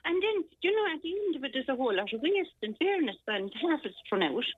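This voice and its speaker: A woman's voice: high voice, big pitch swings, fast, no echo. An Irish woman calling in to a radio show as a regular contributor, chatting and joking in a rambling way over a tinny phone line. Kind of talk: casual phone chat. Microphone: telephone.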